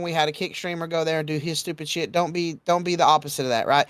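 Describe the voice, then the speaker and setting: A young adult man from Georgia, hosting a casual podcast chat and speaking bluntly, getting animated when laying down rules. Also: on the high side, quick pace, clean tone, no echo. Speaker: podcast host.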